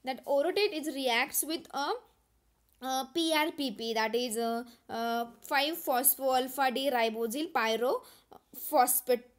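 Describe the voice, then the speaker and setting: High-voiced Indian woman teaching. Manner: mixes English with Marathi and Hindi, frequent fillers and "okay?" check-ins. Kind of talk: lecture.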